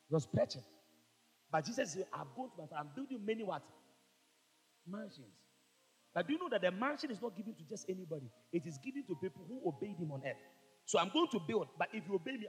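A man preaching a fervent sermon, rising to shouts. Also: high voice, long reverb tail, rough recording. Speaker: pastor.

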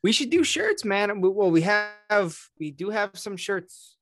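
A man co-hosting a podcast, trading crude jokes and quick banter. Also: high-pitched, big pitch swings, a bit bright, soft background music. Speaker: podcast co-host. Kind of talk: casual podcast chat.

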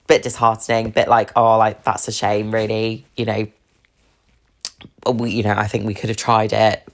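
A woman's voice: extremely low pitch, flat delivery, normal speed. A young British woman hosting a podcast, telling a dating story in a chatty, swear-filled way with lots of fillers and laughs. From England. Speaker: podcast host. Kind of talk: casual storytelling about dating.

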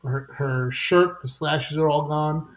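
Man retelling a comic, slightly high. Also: takes it slowly, dull audio. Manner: animated retelling with voiced quotes. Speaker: podcast host. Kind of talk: casual chat recapping a comic.

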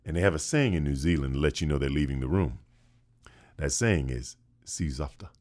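A man from with a bass voice, telling a funny story in an animated way. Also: brisk. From North Carolina, USA. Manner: lively, acts out the other people in his story. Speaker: guest.

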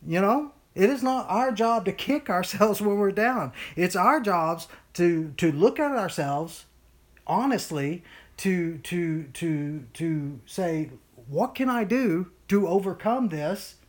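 An informal Bible study leader at a middle, everyday pitch, talking casually to a small group. The delivery is animated and rambling, full of fillers and restarts, and often slips into whiny put-on voices to make a point. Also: slow pace.

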